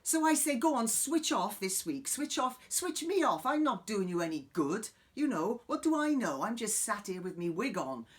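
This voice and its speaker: With a high voice, a man performs an off-the-cuff character monologue to camera as an eccentric guru, a middle-aged woman. He curses and drifts from topic to topic, breaking into loud outbursts and then sinking into quiet asides.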